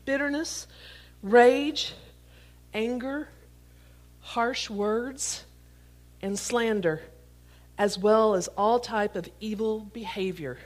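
A woman's voice: on the high side, slow pace, long pauses, a little mellow. A woman preaching a sermon to a congregation, reading scripture and joking as she catches props. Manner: playful, talks to the congregation, jokes while catching props. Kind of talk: sermon with a live prop illustration.

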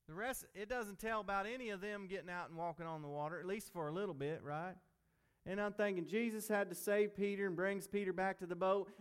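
Folksy preacher, high clear voice. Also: male voice. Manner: folksy, conversational, repeats himself. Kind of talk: informal sermon.

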